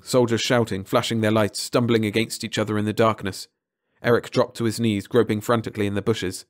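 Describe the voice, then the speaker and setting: A man narrating a short science fiction story aloud in a measured way, slowing on key phrases. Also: lowish voice, no room sound, studio quality. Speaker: audiobook narrator.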